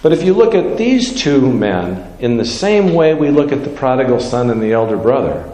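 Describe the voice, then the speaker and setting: A man's voice: medium pitch, very animated, normal speed, dark tone. A man preaching a sermon, reading scripture aloud and giving the verses changing emphasis. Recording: roomy hall with long reverb.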